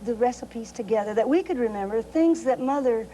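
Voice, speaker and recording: A middle-aged woman with a Southern Appalachian accent, telling a family anecdote in an interview. Her voice sits a little high and she laughs through the tale. A faint hum runs underneath. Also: lively intonation, a little fast, warm tone, rough recording. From southwestern Virginia. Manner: chatty, laughing storyteller, many fillers. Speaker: interview guest, cookbook author.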